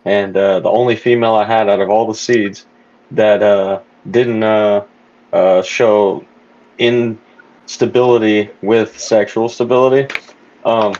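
A man hosting a casual podcast chat, laid-back and quick to laugh. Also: on the low side, fairly even intonation, darkish tone, muffled recording. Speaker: podcast host.

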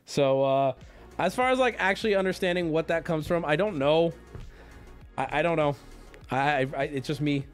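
A man's voice: fairly high pitch, moderate pace, smooth, soft background music. A man livestreaming and talking casually to his chat, rambling, joking and swearing freely. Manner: rambling, profane, jokey.

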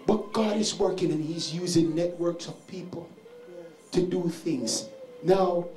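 A man preaching a sermon, his voice pitched high. He tells a family story to his church while an instrument plays along. The sound is echoey, as in a large sanctuary. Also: measured pace, faint music behind. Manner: shouting exhortations, then telling a family story. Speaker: pastor.

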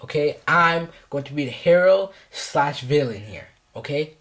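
A man's voice: fairly high pitch, lively intonation, a little slow, fairly bright tone. A male vlogger in a comedic scolding skit, swearing heavily and repeating mock threats and taunts.

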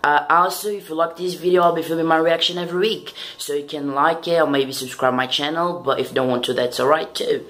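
A man's voice: on the high side, steady tone, fast talker, hardly any pauses, a bit bright, rough recording. A man reacting live to a TV episode, gushing and swearing constantly, with the show's music playing behind him. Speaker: TV reaction vlogger.

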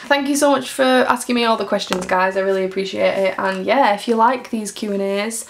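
Young manchester girl answering fan q's, chatty, giggly, bit of vocal fry. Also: on the high side, fairly quick, hardly any pauses. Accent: Mancunian English. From Greater Manchester, England. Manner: chatty and giggly, reads fan questions aloud. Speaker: YouTuber. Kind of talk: casual Q&A vlog.

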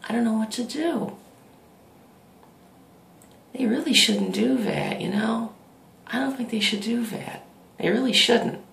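A man voicing a whiny, awkward, lonely teenage boy who talks haltingly and repeats himself. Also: very high-pitched, animated, vocal fry, fairly bright tone, reverberant, slight background noise, voice pushed up, exaggerated voice.

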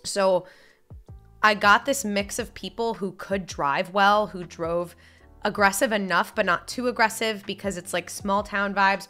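A woman's voice: medium pitch, bright, forceful tone. A young woman, chatting casually as a streamer while gaming and reading chat. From upstate New York. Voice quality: nasal. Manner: chatty and rambling, with frequent filler words.

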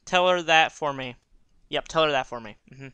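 Earnest, weary young man from a game, voiced plainly by a man, slightly high voice. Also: moderate pace, sharp tone, smooth, no echo. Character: young man visiting his sick mother. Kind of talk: reading game dialogue aloud.

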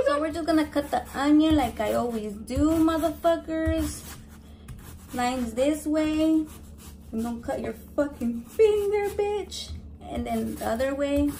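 High-voiced brash swearing woman cooking. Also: a little mellow. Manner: brash, swears constantly, mixes in Spanish. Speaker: cooking vlogger. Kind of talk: casual cooking vlog. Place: home kitchen with family around. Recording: noisy kitchen recording.

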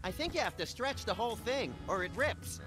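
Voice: medium pitch, animated, fairly quick, over music, lightly acted. A woman voicing a hyperactive, gleefully violent rabbity creature in a cartoonish video game.

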